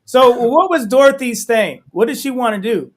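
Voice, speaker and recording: A man's voice: very high-pitched, expressive, normal speed. A man co-hosting a panel show who talks loosely and rambles while searching for his words. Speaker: co-host. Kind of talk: casual panel talk.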